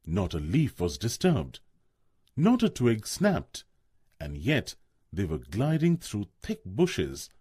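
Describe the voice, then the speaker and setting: Slow, husky male storyteller. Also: lowish voice, no room sound, studio quality. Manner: expressive, slow. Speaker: narrator. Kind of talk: storybook narration.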